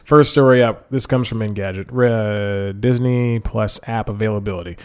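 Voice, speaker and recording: A man with a lowish, clear, resonant voice hosts his podcast solo at normal speed. Seated at a desk mic with headphones, he chats casually and rambles, correcting himself often and chuckling along the way.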